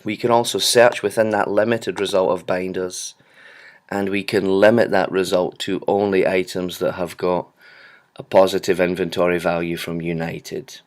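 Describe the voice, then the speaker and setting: A man giving a relaxed, conversational walkthrough of a software storefront, with frequent ums. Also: deep voice, moderate pace. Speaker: software product presenter. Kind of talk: screen-recorded product walkthrough.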